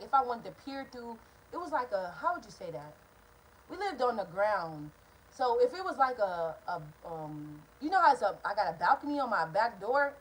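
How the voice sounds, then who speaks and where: A woman in her twenties telling a profane, animated storytime to camera from home. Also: a little high, husky, poor audio. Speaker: vlogger. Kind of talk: storytime vlog. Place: at home indoors.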